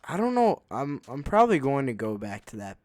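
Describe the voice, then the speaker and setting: A man's voice: mid-range voice, very animated, darkish tone, no room sound. A man chatting casually while playing a game, rambling along with lots of fillers. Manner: rambling and unhurried, with many fillers. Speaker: gaming channel host. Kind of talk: casual gameplay commentary.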